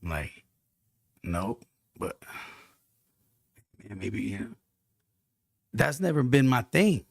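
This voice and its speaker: A man's voice: lowish voice, sing-song, takes it slowly, gravelly, long pauses, no echo. A man telling a heartfelt personal story on a podcast in casual, slang-filled speech. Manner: earnest, heartfelt testimony with street slang.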